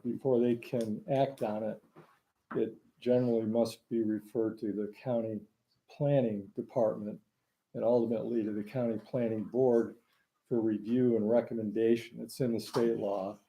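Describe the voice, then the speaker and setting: A man advising a town board, explaining the legal process in a measured way. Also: lowish voice, warm tone, low-quality recording. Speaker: town attorney. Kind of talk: meeting remarks. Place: town board meeting hall.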